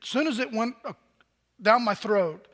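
A man's voice: high-pitched, normal speed, a bit bright, in a large hall. A man in his sixties preaching a sermon, telling a personal story in a conversational way with fillers and asides. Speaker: pastor.

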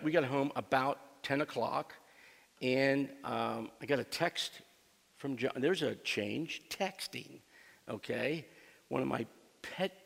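Slow gravelly preacher in a reverberant church. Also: male voice, mid-range voice, fairly bright tone. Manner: joking storyteller, repeats phrases for emphasis. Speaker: pastor. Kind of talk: sermon with humorous anecdote. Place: church sanctuary.

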